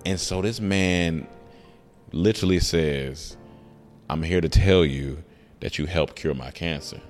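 A man's voice: sits low, measured pace, soft background music. A man in casual conversation, telling a personal story and acting out the voices of the people in it. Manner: animated storyteller, acts out voices in quotes. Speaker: guest, comedian.

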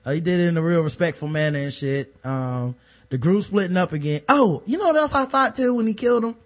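A man's voice: high-pitched, fast talker. A man on a podcast panel, casually telling comedic stories and laughing as he goes. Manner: animated, laughing storyteller.

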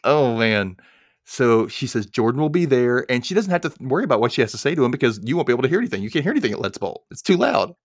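Male podcast host, animated recapper who acts out the lines, dry close mic. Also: medium pitch, dry recording. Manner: animated, acts out characters' lines in quick impressions. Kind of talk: casual chat recapping a TV episode.

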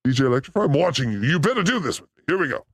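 A man hosting a livestream, reacting to clips with crude, excitable jokes. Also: a little high, racing, music in the background. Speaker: show host reacting to clips. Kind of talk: livestream clip commentary.

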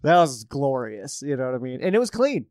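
A young man from Colorado, the host of a fan stream, reads out viewer questions and answers them in a rambling, excitable way, and he gets worked up easily. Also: medium pitch, fairly quick, dry recording, studio quality. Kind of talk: casual livestream chat.

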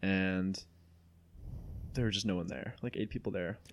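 A man's voice: deep voice, steady tone, normal speed, no room sound. A young man from Mexico hosting a podcast, telling a story in casual chat. He talks animatedly, laughs often and swears freely. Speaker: podcast host.

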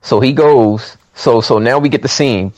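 A man's voice: mid-range voice, moderate pace, no room sound. Guy recapping a movie, doing everybody's lines, dry close mic. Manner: animated storytelling, acts out characters' lines. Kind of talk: casual chat.

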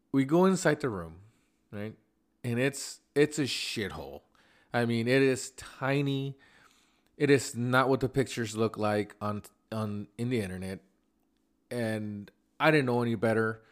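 A man tells a story on his podcast in a low voice. He is animated, quotes the people he met, and swings between loud bursts and near-mutters. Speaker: podcast host. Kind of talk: casual storytelling. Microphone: remote podcast mic.

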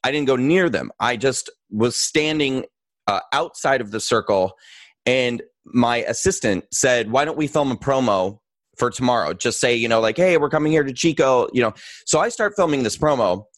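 A man guest in a casual conversation, telling an anecdote with lively acted-out quotes and fillers. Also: mid-range voice, normal speed, dry recording. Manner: animated storyteller, acts out quoted lines.

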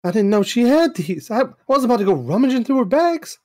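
A man's voice: very high-pitched, big pitch swings, quick pace, mellow, no echo, clean studio sound, voice pushed up. A man voicing a frantic, worried woman who squeals in breathless bursts.

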